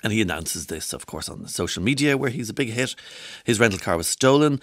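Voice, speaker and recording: A man's voice: lowish voice, animated, fairly quick, fairly bright tone, dry recording. A man presenting the newspapers on the radio, chatty and digressive, with frequent restarts and asides. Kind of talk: casual radio chat.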